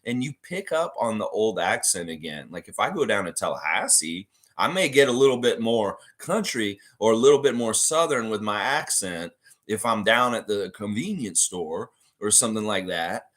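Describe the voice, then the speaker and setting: A man hosting a casual livestream chat, rambling in a relaxed way and reading viewer comments aloud. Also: lowish voice, moderate pace. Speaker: livestream host.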